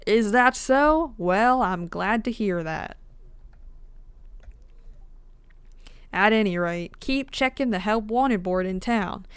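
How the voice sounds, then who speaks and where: A woman's voice: medium pitch, animated, a little slow, clean tone, no room sound, close to an everyday voice. A woman voicing a cheery older male small-town mayor in a put-on Southern drawl, hearty and upbeat. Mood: folksy, upbeat.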